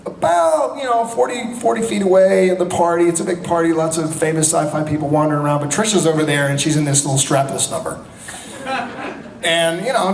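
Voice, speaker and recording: A man telling an animated anecdote to a live audience, acting out the dialogue as he goes. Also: fairly high pitch, slight background noise. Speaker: convention panel guest. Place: large convention hall. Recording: echoey hall with a crowd. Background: audience murmur and laughter.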